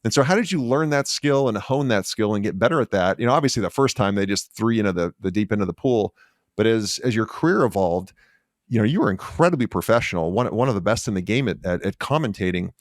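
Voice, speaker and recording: A man's voice: on the low side, animated, fast, dry recording, studio quality. A man in his fifties hosting a podcast interview, asking long, enthusiastic, rambling questions. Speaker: podcast host. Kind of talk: casual interview.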